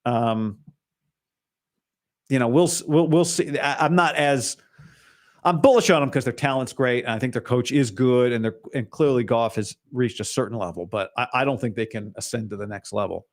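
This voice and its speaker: A man's voice: medium pitch, moderate pace. A man hosting a solo sports talk show, opinionated and hedging, with frequent restarts.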